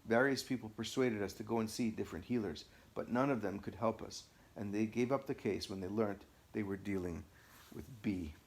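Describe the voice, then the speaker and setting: A man narrating a first-person account as an audiobook, measured and deliberate. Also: fairly low pitch, slight background noise.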